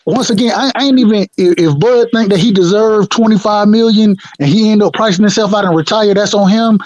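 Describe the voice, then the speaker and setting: A man co-hosting a casual boxing debate, talking in an animated, emphatic, slangy way. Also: sits high, brisk, no room sound, dull audio. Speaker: podcast co-host.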